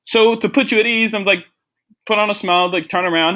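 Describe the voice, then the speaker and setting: A young adult man hosts a comedy podcast in a high, fast, pushed and bright voice. His casual monologue rambles and turns self-deprecating, packed with "like" fillers.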